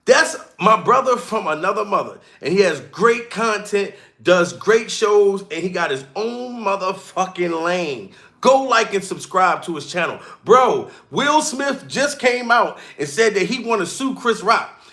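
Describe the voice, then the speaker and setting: A man's voice: high-pitched, animated, a little slow, few pauses, pushed and bright. A comedian streamer ranting profanely and mockingly on a live stream, calling out to chat as he goes. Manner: profane, heated, mocking rant.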